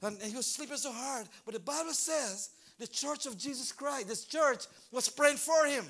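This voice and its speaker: A man preaching a sermon at a church service, telling a story with lively acted-out scenes. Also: very high voice, moderate pace, creaky. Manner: animated storytelling, acts out scenes.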